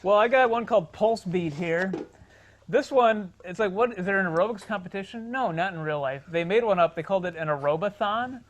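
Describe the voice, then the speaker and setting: A man's voice: sits high, brisk. A man co-hosting, explaining video clips in a chatty way. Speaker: co-host presenting clips. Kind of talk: casual explanation.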